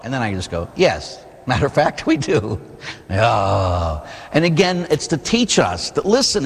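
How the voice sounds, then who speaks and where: Animated priest preaching in a reverberant church. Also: male voice, medium pitch, measured pace, gravelly, slightly rough. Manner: animated, conversational preaching with rhetorical questions. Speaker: Catholic priest. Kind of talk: sermon.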